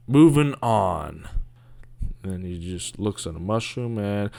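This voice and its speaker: A man's voice: fairly low pitch, animated, slow pace, creaky, dark tone, no room sound, studio quality. A man giving casual, rambling commentary on a video, sarcastic and grumbling, with mocking asides.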